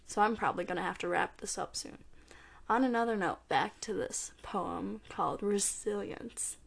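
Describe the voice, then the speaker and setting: A woman's voice: mid-range voice, normal speed, creaky. A woman who is losing her voice, chatting casually as a podcast host and reading her own poems aloud. She is self-deprecating and often trips over her words.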